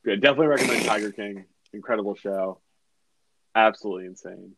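A man co-hosting a podcast over a remote call, asking quick, curious questions with lots of fillers. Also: on the low side, fairly bright tone, slight background noise, poor audio. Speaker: podcast co-host. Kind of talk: casual chat.

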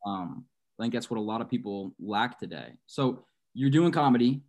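A man's voice: mid-range voice, animated, moderate pace, darkish tone. A young man hosting a podcast who asks questions and talks earnestly and encouragingly. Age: young adult. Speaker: podcast host. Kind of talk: casual interview talk.

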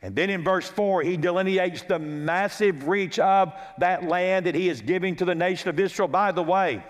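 A man delivers an expository sermon from the pulpit, his voice sitting rather high for a man. He moves methodically through chapter-and-verse references and restates his main lines for emphasis. The sound carries a long reverberant tail from a church sanctuary. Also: normal speed. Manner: repeats key lines for emphasis. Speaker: pastor.

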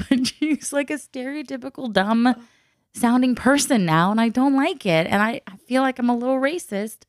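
A woman's voice: fairly high pitch, animated, normal speed, dry recording, studio quality. A middle-aged woman co-hosting a casual chat, talking in a chatty, exasperated way and laughing often. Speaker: podcast co-host.

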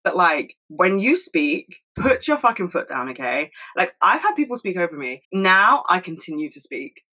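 A woman talking fast and candidly to her camera at home, swearing freely in a casual solo monologue. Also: lowish voice, sing-song, pushed and bright, slightly rough, low-quality recording. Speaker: solo video host.

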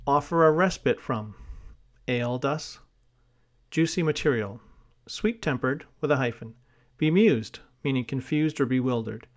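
A man reads a vocabulary list aloud in a slow, unhurried cadence. His voice sits at an ordinary middle pitch, and he works through the words one by one, spelling some letter by letter and pointing out the hyphens. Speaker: vocabulary reader.

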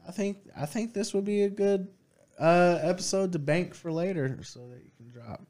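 A man hosting a casual podcast chat, laid-back and halting, swearing offhandedly. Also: high-pitched, a little mellow. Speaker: podcast host.

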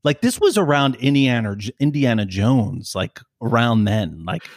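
A man's voice: mid-range voice, animated, moderate pace, slight background noise. A man co-hosting a podcast, chatting casually in a profane, rambling, jokey way. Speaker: podcast co-host. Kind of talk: casual chat.

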